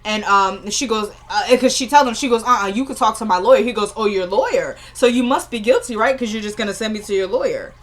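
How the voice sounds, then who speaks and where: A woman's voice: medium pitch, fast talker, few pauses. Woman recapping a TV episode. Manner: retells scenes in quoted dialogue, laughing and exasperated asides. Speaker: show recapper.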